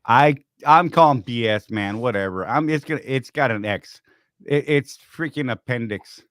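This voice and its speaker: A man's voice: mid-range voice, moderate pace, a bit bright, no echo, studio quality. A man co-hosting a trucking livestream, joking and rambling in a casual chat while greeting viewers by name.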